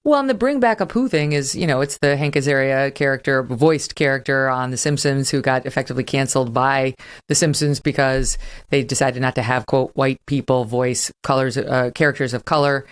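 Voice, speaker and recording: A woman's voice: extremely low pitch, fairly quick, smooth. A woman hosting a talk-show interview, chatty and pointed as she leads the questions. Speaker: host.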